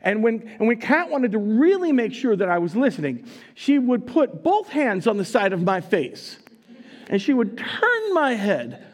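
A man preaching a live sermon in a church, teasing his congregation and laughing often as he talks. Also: extremely high pitch. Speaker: pastor. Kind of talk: live sermon with audience interaction. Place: church sanctuary.

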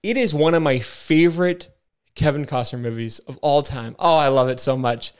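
A man's voice: a little high, normal speed, clear, resonant tone. A man co-hosting a podcast, chatting casually and enthusiastically about movies and often restarting his sentences. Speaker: podcast co-host.

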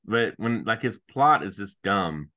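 A man's voice: on the low side, expressive, measured pace, bright, forceful tone. A man co-hosting a casual podcast, wisecracking and laughing often. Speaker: podcast co-host. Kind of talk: casual comedic recap chat.

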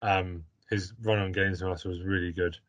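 A man's voice: deep voice, fairly even intonation, moderate pace, a bit bright. A man co-hosting a casual chat, teasing and bantering with plenty of likes and fillers. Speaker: podcast co-host.

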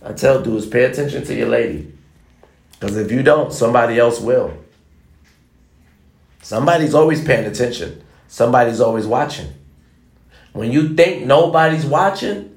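A man's voice: mid-range voice, moderate pace, gravelly, pauses often. A man preaching life advice straight to the camera in a blunt, emphatic way, driving his points home by repeating them. His voice sits in a mid range, and a roomy echo surrounds it. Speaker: motivational vlogger.

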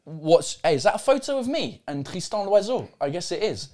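A man's voice: high-pitched, big pitch swings, fairly quick, dark tone. A man hosting a casual livestream, joking around and reading out viewer comments. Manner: jokey, reads out viewer comments. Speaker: livestream host. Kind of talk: casual chat.

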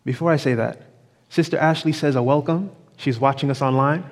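A man preaching an evening sermon to a congregation in a church sanctuary, fervent, with big swings from loud to hushed. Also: medium pitch, brisk. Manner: fervent, sweeping rises and drops in loudness. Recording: long church reverb.

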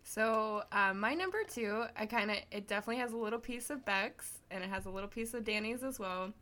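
A woman's voice: mid-range voice, fairly quick, sharp tone. A woman guest on a podcast, crying as she talks through heartfelt thanks in casual chat over a remote call. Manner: emotional, tearful and heartfelt, with laughs. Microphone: remote call mic.

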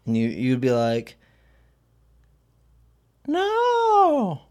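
A man's voice: fairly high pitch, unhurried, a little mellow. Rambling man reading and commenting. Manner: rambling, filler-heavy, blunt with profanity. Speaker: streamer. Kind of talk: casual commentary while reading aloud.

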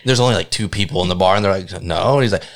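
A man's voice: deep voice, rapid-fire, slight background noise. A man co-hosting a podcast, telling rambling bar stories full of swearing and acted-out quotes. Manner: rambling storyteller, heavy swearing, animated quoted voices. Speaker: podcast co-host. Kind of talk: casual chat.

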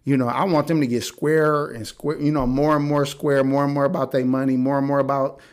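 A man's voice: mid-range voice, level tone, fairly quick. A man hosting a podcast, talking in a casual, blunt and profane way with strong opinions. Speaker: podcast host. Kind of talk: casual chat.

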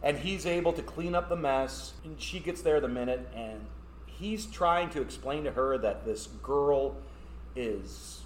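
A man's voice: on the high side, a little slow, slight background noise. A man hosting a podcast, chattily recapping a movie's plot with his guest. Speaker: podcast host. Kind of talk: casual film discussion. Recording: roomy echo.

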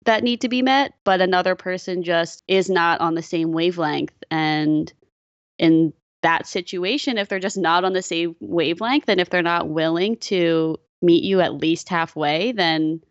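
A woman's voice: on the low side, a little slow, no echo, dull audio. A woman co-hosting a podcast in casual chat, telling personal stories with blunt swearing and self-mockery. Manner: candid, profane, self-mocking storytelling. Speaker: podcast co-host.

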